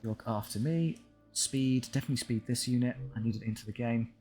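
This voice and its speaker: Talking to his units with wry frustration, a young man who hosts a gaming channel commentates his strategy game into a desk mic, game music in the background. His voice is mid-range, brisk and a little mellow.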